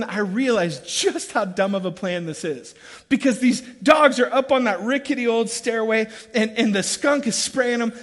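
A middle-aged man, a pastor, preaching a sermon as an animated storyteller, laughing and acting out sounds as he goes. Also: high voice. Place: church sanctuary. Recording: large hall with long reverb, faint music.

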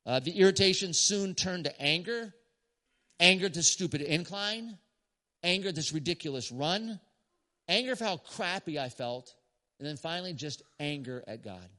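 A male pastor tells a story from the pulpit with a bright, slightly high voice, pausing for emphasis and laughing now and then. His words ring out with a long reverb in a large hall. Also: expressive. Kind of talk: sermon story to a congregation.

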